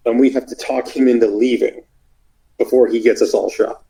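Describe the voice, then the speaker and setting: A man's voice: medium pitch, normal speed, vocal fry, rough recording. A man telling a long road story in a casual interview, acting out the voices of the people in it. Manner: animated, acts out quoted voices.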